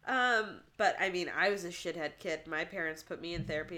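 Bright-voiced woman podcast host. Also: fairly low pitch, fairly quick, a little hiss or hum. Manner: reads case notes, jokes and laughs between facts. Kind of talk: casual true-crime podcast chat.

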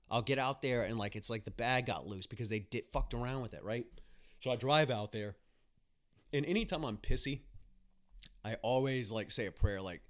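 A man's voice: medium pitch, normal speed, a bit bright. A young man, a nurse hosting a podcast, talking in a blunt, profane, ranting monologue with mocking asides. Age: young adult.

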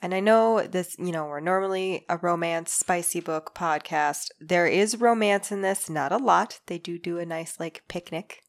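A woman's voice: on the low side, normal speed, few pauses. A woman co-hosting a romance book podcast, chatting easily about a novel with plenty of laughter. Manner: laughing, easygoing, quotes characters. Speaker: podcast co-host. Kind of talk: casual book chat.

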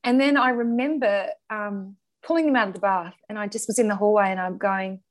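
A middle-aged woman, a guest in a conversational interview, telling her story in an animated way and often laughing. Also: medium pitch, brisk, few pauses. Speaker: guest, charity founder.

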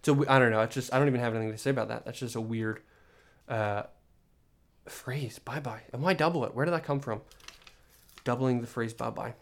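A man's voice: medium pitch, a little fast. A young man hosting a solo podcast, rambling in an exasperated, joking rant with many restarts. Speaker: podcast host.

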